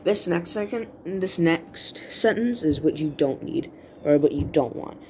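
A woman with a low voice explains basic writing in a loose, casual video lesson. She rambles playfully and keeps stopping to correct herself mid-word, with a faint noise behind her. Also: lively intonation, measured pace, darkish tone. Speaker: writing tutorial host.

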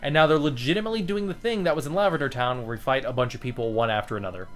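A man's voice: mid-range voice, very fast, a bit bright, soft background music. A man giving casual commentary as he plays a game, chatty and profane, easily amused and talking to his viewers. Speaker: let's play host.

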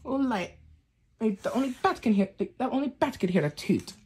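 A grumpy male penguin creature, as a woman puts him on for a puppet video. He has a husky Scottish accent and a scolding, bossy manner, and his voice swings freely up and down. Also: fairly high pitch, expressive, brisk, a little mellow. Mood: indignant. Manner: scolding, calls people laddie.

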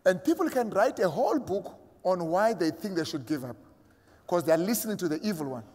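A man's voice: sits high, expressive, fairly quick, a little mellow, long reverb tail. A man preaching a sermon as a pastor, emphatic and acting out imagined voices of his listeners. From South Africa.

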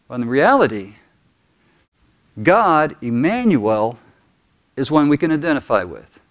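A man preaching a sermon as pastor, telling stories earnestly with deliberate pauses. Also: on the high side, very animated.

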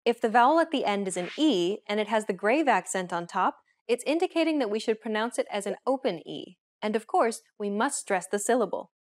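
A woman's voice: medium pitch, lively intonation, fairly quick, few pauses. Woman hosting a scripted language lesson.

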